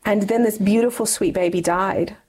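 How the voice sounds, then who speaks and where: A woman's voice: medium pitch, moderate pace, a little mellow, slightly rough, rough recording. Earnest woman telling a personal story. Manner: earnest storytelling, many fillers and restarts. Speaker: guest. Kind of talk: personal testimony in an interview.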